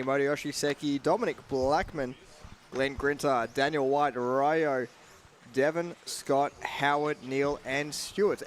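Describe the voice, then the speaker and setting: A man's voice: mid-range voice, a little hiss or hum. An Australian man giving live race commentary at a radio-controlled car event, upbeat and reeling off driver names.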